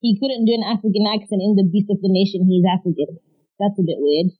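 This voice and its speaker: Woman on a video call, talks quick and frank, kinda muffled lo-fi sound. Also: mid-range voice, fairly even intonation, husky. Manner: frank, questioning. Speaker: podcast guest. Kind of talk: casual chat.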